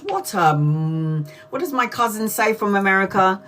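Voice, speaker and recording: A woman's voice: mid-range voice, very animated, measured pace, sharp tone, a little hiss or hum. A British woman giving a live-stream tarot reading, chatty, laughing often and swearing freely. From Britain. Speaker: tarot reader.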